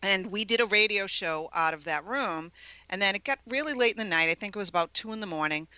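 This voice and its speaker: A middle-aged woman, telling a ghost story as a radio interview guest, animated and laughing often. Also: medium pitch, fast, smooth, no echo, low-quality recording. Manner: animated, laughs often, acts out quoted voices. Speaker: guest paranormal investigator.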